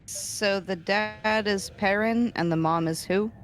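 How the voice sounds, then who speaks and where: A woman playing a tabletop game, chatty with quick asides. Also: mid-range voice, slight background noise. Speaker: player. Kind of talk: casual tabletop play.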